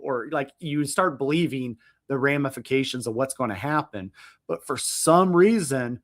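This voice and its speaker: A man's voice: a little high, brisk, a bit bright. A man co-hosting a wrestling podcast in casual chat, rambling and restarting his sentences, chuckling as he goes. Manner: rambling, self-interrupting, chuckles. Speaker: podcast co-host.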